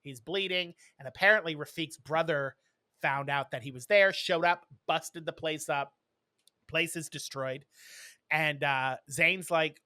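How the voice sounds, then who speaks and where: Bright-voiced man recapping, full of ums. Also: a little high, a little slow, no room sound. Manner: rambling, lots of ums and uhs. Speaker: podcast co-host. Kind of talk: casual chat, recapping an episode.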